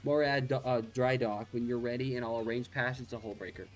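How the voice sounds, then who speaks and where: A man reading a gruff naval officer's game dialogue aloud, stumbling over words now and then. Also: medium pitch, steady tone, fairly quick, faint music behind, lightly acted. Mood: matter-of-fact. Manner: reads quest text aloud with stumbles.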